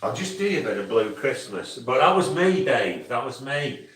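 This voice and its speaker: A man's voice: mid-range voice, sing-song, moderate pace, fairly bright tone, roomy sound, recorded from a distance. A man hosting a livestream, rambling in casual chat and breaking into crooning, with a frog in his throat. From England. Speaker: livestream host.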